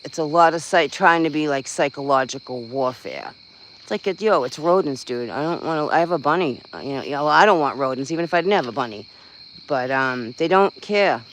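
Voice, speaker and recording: A man's voice: on the high side, animated, a little fast, fairly bright tone, a little hiss or hum, rough recording. A man chatting casually on a livestream, venting bluntly, swearing freely and rambling with lots of fillers. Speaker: livestream host. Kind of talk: casual live-stream chat.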